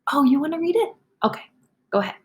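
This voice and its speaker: A woman teacher, leading a demonstration reading lesson for young students, encouraging and clearly sounding out words. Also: sits high, expressive, quick pace, slight background noise.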